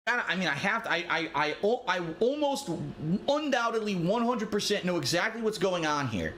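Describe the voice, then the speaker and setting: A man's voice: high-pitched, sing-song, sharp tone, a little hiss or hum. A man telling a long rambling personal anecdote, acting out what others said. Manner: drawn-out, rambling, acts out quotes. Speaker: storyteller in a played clip.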